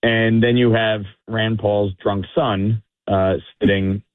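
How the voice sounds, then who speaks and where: A man's voice: on the low side, takes it slowly, no echo. Storytelling man on a phone line. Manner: animated storyteller who acts out the quotes. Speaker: politician calling in as guest. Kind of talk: anecdote on a call-in radio show.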